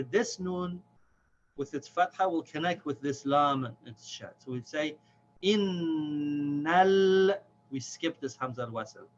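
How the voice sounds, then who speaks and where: A man giving a patient step-by-step lesson on Quran reading, stretching the example words out slowly. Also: a little high. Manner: patient, slow, drawn-out chanted examples. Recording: dull lo-fi with faint hiss.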